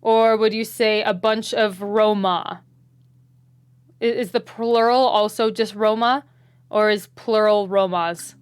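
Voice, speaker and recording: An American woman hosting a reaction video, chatting casually and asking curious questions out loud. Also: mid-range voice, fairly even intonation, takes it slowly, clear, resonant tone. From United States. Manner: curious, asks many questions aloud, laughs often.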